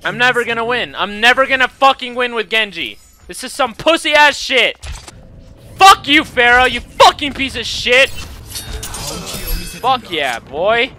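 A young man shouting, swearing and raging over an online match while commenting on his gameplay, his voice cracking from yelling. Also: very high-pitched, big pitch swings, unhurried, faint music behind. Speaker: gaming YouTuber. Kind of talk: angry live gameplay commentary.

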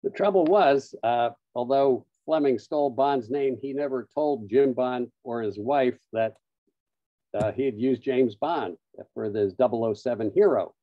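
A man presenting a webinar, telling an anecdote-filled story with frequent "uh" pauses. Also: mid-range voice, no room sound. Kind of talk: storytelling talk. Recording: dull lo-fi online audio, dry.

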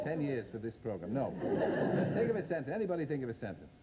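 A man's voice: mid-range voice, sing-song, a loud crowd. A man hosting a chat show in front of a studio audience, bantering and teasing his guest. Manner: teasing, quick-witted banter. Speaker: talk show host.

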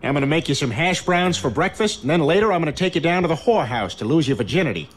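A man voicing a loud, bumbling middle-aged cartoon dad who rants in a blustery, exasperated way. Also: a little high, expressive, fast talker, a little hiss or hum, lightly acted. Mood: cheerful. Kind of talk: cartoon sitcom voice acting.

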